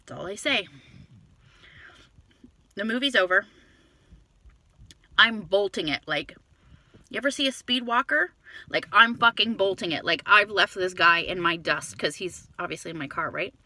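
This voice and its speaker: A woman telling a dating story in a casual, animated way, swearing often, recorded inside a car on a phone. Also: on the low side. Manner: animated, profane, quick asides.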